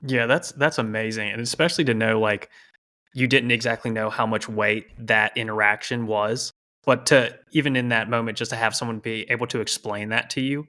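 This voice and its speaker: Bright-voiced, enthusiastic male podcast host. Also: mid-range voice, fairly even intonation, brisk. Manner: enthusiastic, with many "like"s and repeated words. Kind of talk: casual interview.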